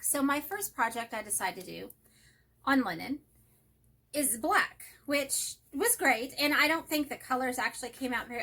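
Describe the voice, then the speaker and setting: A woman's voice: high-pitched, animated, moderate pace, bright, forceful tone. A young woman with a Texas accent chatting casually on her vlog, rambling and self-deprecating with lots of fillers. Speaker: flosstube vlogger. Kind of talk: casual chat.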